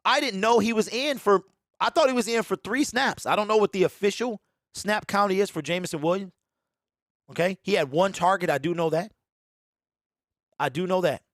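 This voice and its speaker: A man hosting a live sports talk stream, excitable and repeating himself as he riffs. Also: high-pitched, normal speed, long pauses, no echo, clean studio sound. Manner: excitable, repeats himself, mocks fans in a mimicking voice. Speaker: sports show host.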